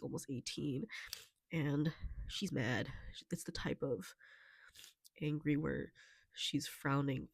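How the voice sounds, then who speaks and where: A young woman talking softly and haltingly in a personal vlog, tearful and emotional, with many fillers. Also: deep voice, vocal fry, slightly rough, dry recording, clean studio sound. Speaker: vlogger.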